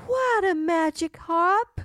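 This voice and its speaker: A woman's voice: very high-pitched, expressive, takes it slowly, fairly bright tone, no room sound, clean studio sound, pitched above the performer's own voice, exaggerated voice. A woman voicing a hopeful, curious young boy thinking aloud in a children's story. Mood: eager.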